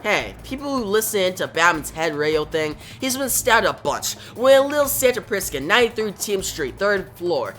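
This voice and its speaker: Brief: woman doing a playful, mocking antiheroine from a comic, bright and breezy, faint music under. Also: medium pitch, sing-song, moderate pace, few pauses. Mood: teasing. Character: chipper unhinged female antihero, teasing and glib.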